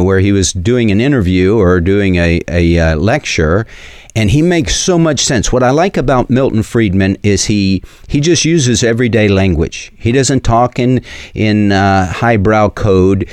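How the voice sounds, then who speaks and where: A Southern man with a very deep, low voice delivers preachy talk-radio commentary. He speaks earnestly, stumbles through fillers and restarts, and sounds close and dry on the mic. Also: lively intonation, measured pace, a little mellow, smooth, dry recording. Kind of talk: opinion commentary with scripture.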